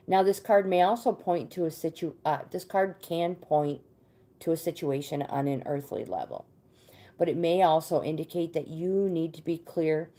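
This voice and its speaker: Live-stream host, woman, a little low-pitched; casual tarot reader who pauses and fills between card meanings. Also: warm tone. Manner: chatty, greets viewers by name between readings; reads card meanings aloud with pauses and fillers.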